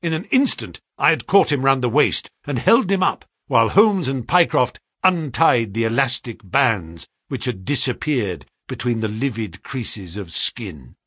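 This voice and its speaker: A man's voice: medium pitch, very animated, unhurried, few pauses, fairly bright tone, husky, no echo. A man reading a story aloud as narrator, telling it in a dramatic, tension-building manner on a close dry mic. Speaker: audiobook narrator. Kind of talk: scripted narration.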